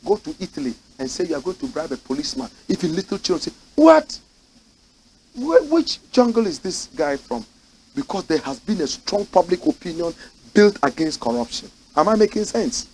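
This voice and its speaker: A man with a Ghanaian English accent, a host delivering impassioned political commentary in a studio, swinging between shouting and low muttering. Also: animated, fast, a little hiss or hum, rough recording. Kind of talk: impassioned talk-show commentary.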